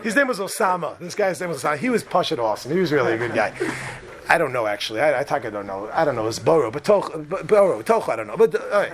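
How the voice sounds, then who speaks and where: Man, slightly high voice, lively comic storyteller who jumps into other people's voices; faint background noise. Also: racing. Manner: animated, acts out other people's lines.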